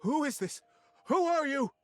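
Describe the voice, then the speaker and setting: An actor in a storybook game voicing a panicked crowd of beaver workers, with frantic, alarmed cries. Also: male voice, very high-pitched, animated, unhurried, fairly bright tone, faint music behind, pitched above the performer's own voice, heavily acted.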